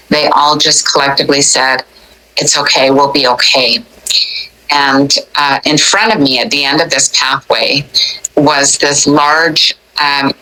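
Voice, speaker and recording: Woman, forties, deep voice, bright tone, earnest, reflective storytelling. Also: rough recording. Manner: earnest, reflective, halting with restarts. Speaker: near-death experience storyteller. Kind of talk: recounted personal story.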